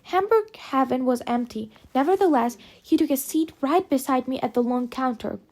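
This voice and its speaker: A woman reading an audiobook aloud, narrating in measured, phrase-by-phrase delivery. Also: sits high, a little mellow. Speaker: audiobook reader. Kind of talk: scripted narration.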